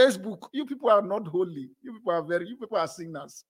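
A man preaching a sermon as pastor, animated and often breaking into laughter between phrases. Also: sits high, fast, husky. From moved to South Africa as an adult.

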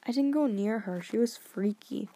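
A woman's voice: on the high side, moderate pace, mellow, no room sound, close to an everyday voice. Woman putting on a cheeky, argumentative boy. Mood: defiant. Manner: eager, argumentative, blurting. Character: cheeky, defiant young boy.

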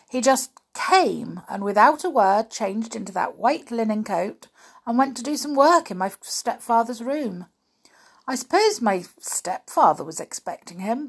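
A woman voicing a bright, breezy schoolboy in a storybook reading. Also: medium pitch, creaky, slightly rough, exaggerated voice. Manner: brisk and breezy. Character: bright lively schoolboy host.

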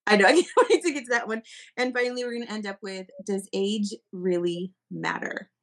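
Woman podcast host, casual and bubbly, a bit of fry in the voice. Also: medium pitch, brisk. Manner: bubbly, giggly, animated. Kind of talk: casual chat. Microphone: streaming podcast mic.

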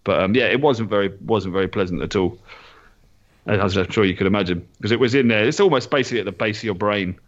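A man's voice: fairly low pitch, fast, dull audio. A man co-hosting a casual sports podcast, sounding stuffy and nasal, chatty with many restarts. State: stuffy and nasal from a sore nose. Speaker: podcast co-host. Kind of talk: casual chat.

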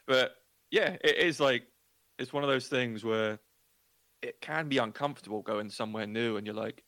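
A man's voice: mid-range voice, fairly quick, gravelly, no echo. A man from Luton in England with an English accent, telling stories in casual chat and acting out the voices of the people in them. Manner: chatty, animated storytelling with quoted voices.

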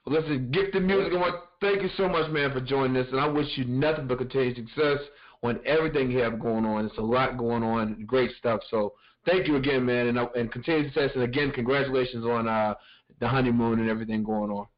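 A man's voice: mid-range voice, fast talker, highs cut off. A man hosting a talk show, giving brief, affirming replies and thanking his guest in casual talk. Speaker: show host.

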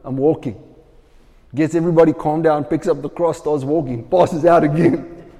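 A man preaching a sermon, telling a story with lively, acted-out quoted voices. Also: a little high, normal speed, in a large hall.

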